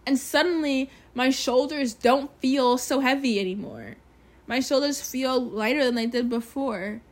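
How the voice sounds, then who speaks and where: A woman's voice: high-pitched, measured pace. A young woman hosting her own podcast, talking candidly and emphatically about self-love, swearing freely. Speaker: podcast host. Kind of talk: casual solo podcast talk.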